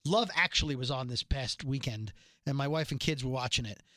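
A man co-hosting a podcast in casual chat, rambling and animated, often talking over his co-host. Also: medium pitch, brisk, no echo.

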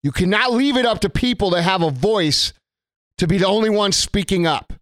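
A man's voice: sits high, moderate pace, a bit bright, no room sound, clean studio sound. Angry swearing man ranting. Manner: angry, blunt, heavy swearing, repeats for emphasis. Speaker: business owner. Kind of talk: profane political rant to camera.

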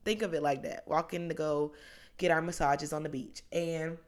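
Woman in her twenties, lower voice, hosting a podcast alone, loose and chatty with tangents. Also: steady tone, moderate pace. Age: 20s. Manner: chatty, rambling, goes off on tangents. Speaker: podcast host. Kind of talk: casual solo podcast monologue.

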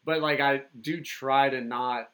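A man's voice: medium pitch, steady tone, measured pace, fairly bright tone. Frank, profane male podcast host. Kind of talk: casual podcast chat.

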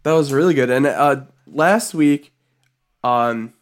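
A man co-hosting a podcast in a casual chat, animated and jokey. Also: mid-range voice, takes it slowly. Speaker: podcast co-host.

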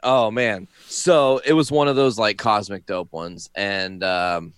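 A man in his thirties telling a childhood story in casual chat, relaxed and self-mocking, swearing freely. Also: fairly low pitch, takes it slowly, smooth, no room sound.

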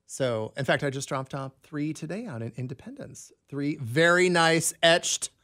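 A man guesting on a radio show, telling self-mocking stories in an animated way. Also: on the high side, normal speed. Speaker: in-studio guest. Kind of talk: casual radio banter. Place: radio studio.

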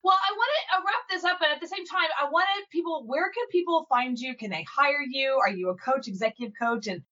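A woman podcast host with a slightly high voice tells stories in a lively, animated way. She acts out the quotes as she goes. The recording sounds dull and lo-fi. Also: fairly quick. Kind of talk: casual interview chat.

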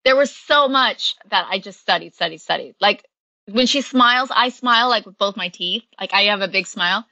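A woman's voice: medium pitch, moderate pace, pushed and bright, dry recording, highs cut off. A woman guest on an interview, an actress chatting casually with lots of fillers and frequent laughs.

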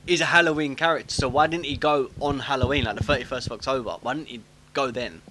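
Bright-voiced man with faint hum behind. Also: medium pitch, fast. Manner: questioning, hesitant, restarts. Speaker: podcast co-host. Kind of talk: casual chat about a film.

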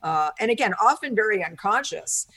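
A woman's voice: medium pitch, lively intonation, brisk, pushed and bright. A woman speaking as an interview guest, explaining thoughtfully in a chatty way, with many fillers and an easy laugh. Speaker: interview guest, personality-type teacher. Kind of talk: conversational interview.

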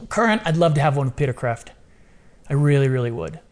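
A middle-aged man talking as a podcast guest in casual interview chat, animated and repeating phrases for emphasis. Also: mid-range voice, fast. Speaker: podcast guest, ministry founder.

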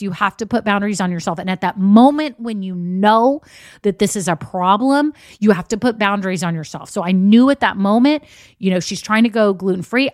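A woman's voice: mid-range voice, no echo, studio quality. A woman hosting a casual solo podcast as a business coach, chatty and encouraging. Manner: chatty, encouraging, says "y'all" and "okay?" often.

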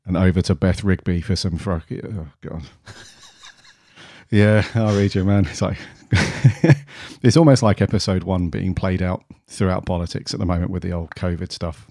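A man's voice: low-pitched, steady tone, normal speed, vocal fry, a little mellow, no room sound, clean studio sound. A man co-hosting a casual podcast, easygoing and laughing often, with casual swearing. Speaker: podcast co-host.

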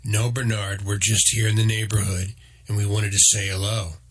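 A man voicing a small, knowing male meerkat guide who talks in a calm, matter-of-fact way. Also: on the low side, normal speed, slightly rough.

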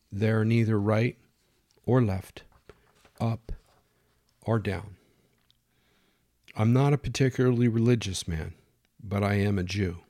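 A man voicing Mister Perkins, a dignified man who speaks in calm, measured sentences. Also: lowish voice, no room sound, studio quality. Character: Mister Perkins, a proud, steady American man.

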